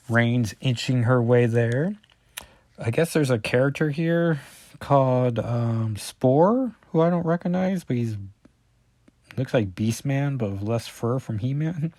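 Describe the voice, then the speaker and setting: A man's voice: mid-range voice, a little slow, a little mellow, no echo. A man casually talking through a comic book issue as a reviewer, rambling and correcting himself often with lots of fillers.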